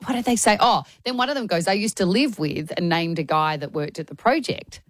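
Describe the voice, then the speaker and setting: A quick, low-voiced woman chatting on air as a radio host. She tells stories animatedly and acts out other people's lines. The sound is close and dry. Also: animated, no room sound. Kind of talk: casual radio banter, storytelling.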